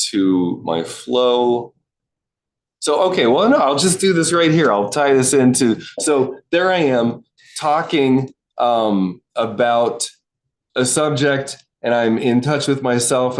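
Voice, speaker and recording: A man talks through a live-streamed coaching session over a computer mic. His delivery is loose and chatty, full of asides and restarted sentences. His voice sits at an ordinary middle pitch for a man. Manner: loose, conversational, self-interrupting, chatty asides. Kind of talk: casual live-streamed talk.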